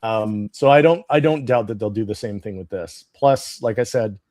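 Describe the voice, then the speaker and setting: A man's voice: on the low side, normal speed, a little mellow, no echo, clean studio sound. A man co-hosting a casual chat, hesitant and rambling, with frequent ums and restarts.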